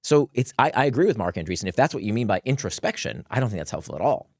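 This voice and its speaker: Animated man with a dry close sound. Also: lowish voice, rapid-fire, no room sound. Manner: animated, laughs between points. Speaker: guest author. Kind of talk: conversational explaining.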